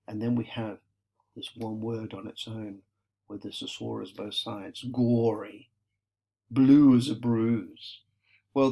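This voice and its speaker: A man's voice: on the low side, creaky, breathy edge, low-quality recording. A man teaching a poetry lesson, explaining patiently and checking in with short tag questions. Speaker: English literature teacher.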